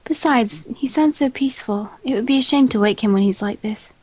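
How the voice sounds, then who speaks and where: A woman voicing a gentle, caring young woman who speaks politely, calmly and formally. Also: on the high side, a little fast, lightly acted.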